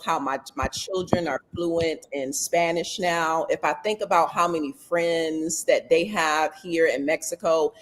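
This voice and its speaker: A woman guest on a casual panel speaks in a slightly low voice. She is earnest and emotional and repeats phrases as she speaks.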